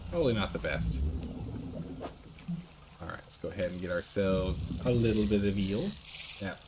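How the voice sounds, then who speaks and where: Chatty gaming streamer with lively pitch. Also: male voice, moderate pace, noisy background. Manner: chatty, thinking aloud, reads game text. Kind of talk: casual let's-play commentary. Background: game music.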